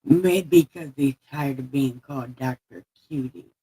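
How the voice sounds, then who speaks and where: A woman's very deep, mellow, husky voice comes a little slowly over poor audio as she live-streams casual chat. Having just had teeth pulled, her mouth is sore, so she slurs and lisps, rambling, laughing at herself and swearing freely.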